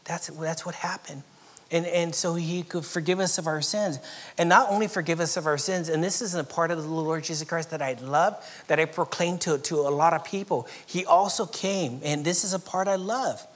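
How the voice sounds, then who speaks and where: Pastor, male, from Southern California; dynamic preaching with loud and near-whispered passages. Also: on the high side, moderate pace. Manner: dynamic preaching, swinging from loud emphatic lines to soft near-whispers, with chuckles. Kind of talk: sermon.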